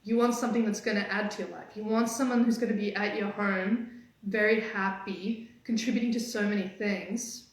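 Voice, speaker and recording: A woman coaches viewers on dating during a live stream, offering motivation in a high-energy, teasing style with quick pitch changes, all captured in a very reverberant room.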